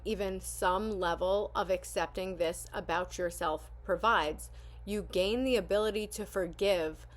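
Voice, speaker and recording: Woman, casual reaction vlogger, candid and rambling, lots of "um"s. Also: mid-range voice. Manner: candid and rambling, with frequent fillers. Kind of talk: casual spoken commentary and prayer reading.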